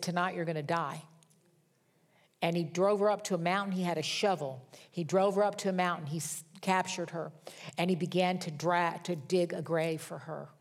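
Middle-aged female preacher, earnest and emphatic, lowish voice, sermon delivery. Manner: earnest, storytelling with emphatic repetition.

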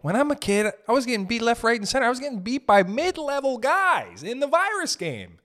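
A young man telling comic stories in a loose, profane rant, riffing with quick asides. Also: very high voice, very animated, fairly bright tone. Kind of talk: comedic storytelling rant.

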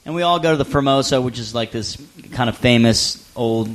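Homem contando histórias, cheio de palavrões. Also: male voice, mid-range voice, brisk. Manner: profane, animated, acts out voices in anecdotes. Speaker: podcast co-host. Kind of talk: casual storytelling.

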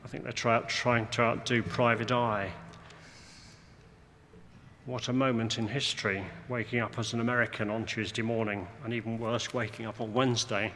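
Male preacher, bright forceful voice, measured sermon delivery, dry asides, long hall reverb, faint room noise. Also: mid-range voice, level tone. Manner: measured, slowing for emphasis, dry wry asides.

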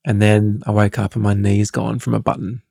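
A man's voice: fairly low pitch, level tone, a little fast, vocal fry, mellow, dry recording, studio quality. A man co-hosting a podcast with his wife, telling stories with self-mocking humour. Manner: joking, self-mocking storyteller. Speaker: co-host, husband. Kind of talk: casual podcast chat.

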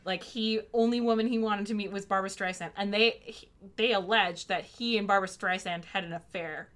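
A woman with a bright, sharp voice chatting casually as a podcast co-host. She is animated and keeps saying "like" between thoughts. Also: medium pitch, moderate pace. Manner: animated, frequent "like", laughing asides. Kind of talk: casual chat.

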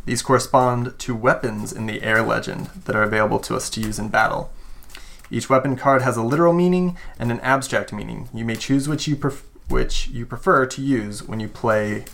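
A man running a tabletop game, narrating a horror scene slowly and deliberately, with many fillers. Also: medium pitch, gravelly, fairly bright tone. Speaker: game master.

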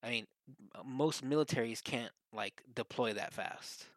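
A man's voice: medium pitch, a little slow, dry recording. Man, casual podcast chat, rambling, profane, dry close sound. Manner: profane, rambling, animated when quoting others. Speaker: podcast co-host.

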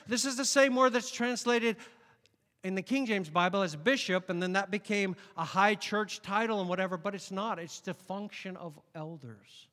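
A man preaching a sermon, emphatic and challenging the congregation, swinging from loud declarations to quiet asides. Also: high voice, lively intonation, moderate pace, big-room sound. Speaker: pastor.

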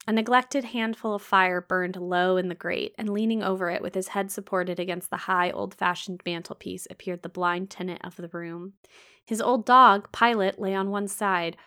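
A woman reads a classic novel aloud in an expressive, soft-spoken voice at a middle pitch. She stops now and then for relaxed, casual asides.

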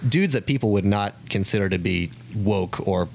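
A man's voice: fairly low pitch, moderate pace, vocal fry, a little mellow. A young man who does local stand-up, guesting on a casual podcast, joking and self-deprecating with lots of fillers and swearing. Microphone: studio mic on stand.

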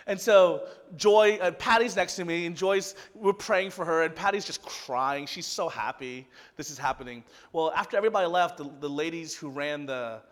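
A man preaching a sermon, telling a story that swings from loud excitement to hushed softness. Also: fairly high pitch, normal speed, few pauses, long reverb tail. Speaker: pastor.

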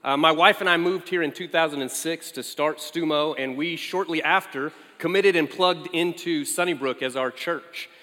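Bright-voiced man preaching in a hall. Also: fairly high pitch, moderate pace, few pauses. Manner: lively storytelling, animated quotes of his child. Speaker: guest preacher. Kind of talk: sermon with family stories. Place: large church sanctuary. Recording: echoey large hall.

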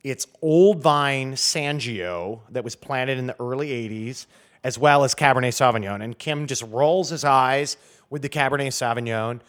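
A man's voice: medium pitch, normal speed, fairly bright tone. A man who is a guest wine expert, talking in a casual podcast chat and telling stories in a rambling way with many fillers. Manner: rambling, lots of fillers and restarts, storytelling.

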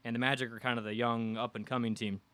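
A man from the Midwest spins a casual story for a podcast, slipping into the voices of the people he quotes. His voice sits at an ordinary middle pitch, close and dry with no room sound around it. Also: level tone, fast talker, fairly bright tone, dry recording. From American Midwest. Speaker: guest storyteller. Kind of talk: casual anecdote telling on a podcast.

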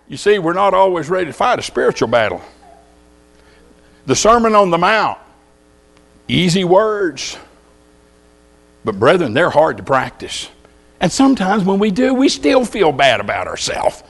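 Folksy Texan preacher with a lively, high voice. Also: male voice, measured pace, gravelly, long pauses. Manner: folksy storytelling with rhetorical questions. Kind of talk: sermon.

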